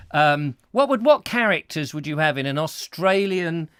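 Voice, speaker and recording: Rambling comic host. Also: male voice, high voice, expressive, moderate pace, hardly any pauses, fairly bright tone, clean tone, no room sound, clean studio sound. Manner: rambling, playful, slips into silly voices. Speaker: host of a comedy chat show. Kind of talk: rambling comic live-stream chat.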